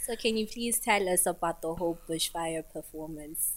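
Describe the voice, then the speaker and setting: A woman's voice: lowish voice, moderate pace. A woman hosting a podcast who asks curious, direct questions in a casual interview.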